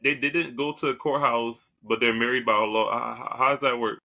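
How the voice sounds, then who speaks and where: A man hosting a casual podcast, asking questions in a halting way with many fillers. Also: mid-range voice, steady tone, creaky, bright, forceful tone. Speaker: podcast host.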